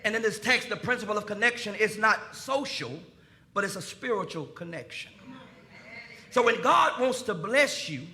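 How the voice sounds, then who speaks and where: A pastor, preaching a sermon in a folksy style, speaking to his congregation and building to shouts. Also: high-pitched, expressive, moderate pace. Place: church sanctuary.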